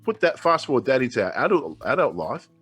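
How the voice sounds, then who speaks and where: A man's voice: medium pitch, very animated, quick pace, fairly bright tone, slightly rough, no room sound, soft background music. A man in his forties with an Australian accent, a guest on a casual radio chat, telling stories and acting out the people he quotes. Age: 40s.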